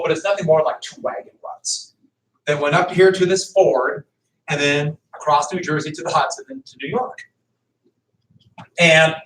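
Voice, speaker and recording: A man teaching a history class, telling it like a story with acted-out quotes and questions to students. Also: fairly high pitch. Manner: animated storytelling, acting out quotes, quizzing students. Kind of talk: classroom lecture. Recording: echoey classroom, far from the mic.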